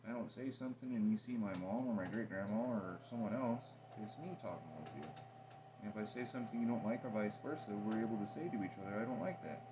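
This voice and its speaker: A man with a lower voice talks at length in a casual but confrontational way. He is blunt and profane and rambles from point to point. Constant noise sits under the home recording. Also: fast. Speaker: partner in a home conversation. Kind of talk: casual heated conversation.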